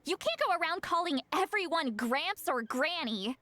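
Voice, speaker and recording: A woman's voice: extremely high pitch, animated, moderate pace, background noise. A woman voicing a bossy, short-tempered old granny in a young woman's body, in a video game.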